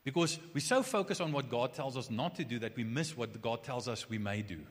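Animated male preacher in a reverberant hall. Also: mid-range voice, brisk, hardly any pauses. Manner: conversational, animated preaching with restarts and asides. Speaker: pastor. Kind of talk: sermon.

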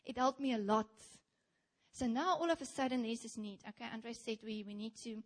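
Giving a sermon in church, this young South African woman talks a little fast in a fairly high voice. Her storytelling is lively, and she addresses her listeners directly.

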